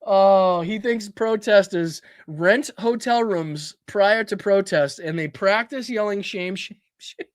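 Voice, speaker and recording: Brief: male podcast host, high-pitched, dry close sound, casual incredulous commentary, swears freely. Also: slow, few pauses, no room sound. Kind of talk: casual political commentary reacting to clips.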